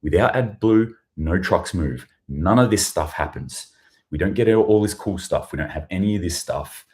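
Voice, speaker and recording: A man's voice: low voice, expressive, normal speed, a little mellow. A man with an Australian accent, hosting a casual livestream from a hotel room, rambling and sarcastic and swearing freely. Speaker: prepping news show host.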